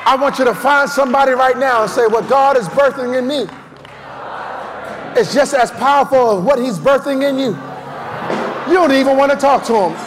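A man preaching a shouted revival sermon, calling on the congregation to repeat his lines. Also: very high-pitched, moderate pace, pauses often. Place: church service with a crowd. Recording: live church mic with music and crowd.

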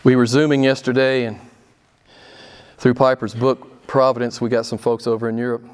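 A man preaching a sermon as pastor, emphatic and full of rhetorical questions, swinging between loud and soft. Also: mid-range voice, flat delivery, normal speed, smooth.

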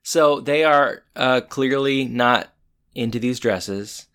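A man's voice: mid-range voice, slow pace, fairly bright tone, smooth. Man co-host, casual recap chat, understated and dry. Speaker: podcast co-host.

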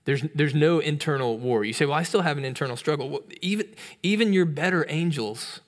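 A man's voice: lively intonation, brisk. A man preaching a sermon as a pastor, in a conversational way with restarts and tag questions. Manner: acts out storybook voices in a higher pitch.

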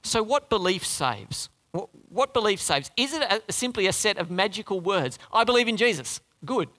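A man preaching with a high, lively voice that swings freely up and down. His tone is bright and forceful. The long reverb of a church hall trails behind his words. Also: moderate pace. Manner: animated, conversational preaching with audience questions. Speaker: pastor. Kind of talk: sermon.

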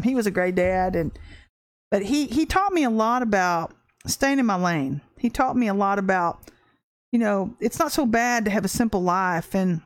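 A middle-aged woman giving a casual spoken sermon, an animated storyteller who laughs often and acts out quotes. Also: medium pitch, dry recording, clean studio sound. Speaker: Christian ministry teacher.

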